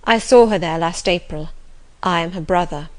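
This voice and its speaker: A woman's voice: fairly low pitch, normal speed, close to an everyday voice. A woman voicing a hesitant, nervous man who is urged to speak up. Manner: hesitant, finally articulate. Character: nervous pale male brother, hesitant.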